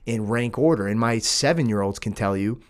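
Male podcast host and gym owner, low voice, casual and animated delivery. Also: a little fast. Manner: animated, frequent 'dude' and 'like'. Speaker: jiu-jitsu school owner and podcast host.

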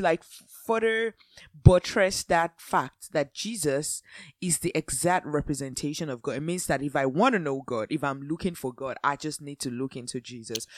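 A woman's voice: low voice, animated, moderate pace, no room sound, clean studio sound. A woman co-hosting a Bible study talk, who affirms her partner and asks follow-up questions. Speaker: co-host.

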